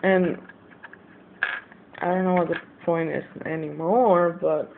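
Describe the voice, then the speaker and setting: A high-pitched young man in his late teens rambles and vents in a casual confessional vlog. The audio is tinny and narrow, like a cheap built-in mic, with a faint hiss underneath. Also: fairly even intonation, slow pace, creaky. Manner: rambling, venting, frustrated. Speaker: vlogger.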